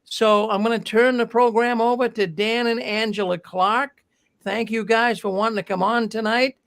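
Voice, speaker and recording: Male call-in host, high and gravelly, friendly and rambling. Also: steady tone, normal speed, fairly bright tone. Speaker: show host. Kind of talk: casual call-in show hosting.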